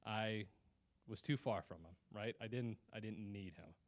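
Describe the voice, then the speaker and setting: A man's voice: on the low side, normal speed, darkish tone. A man giving a personal testimony as guest speaker at a Christian lunch meeting, telling his story in an earnest, conversational way with frequent restarts.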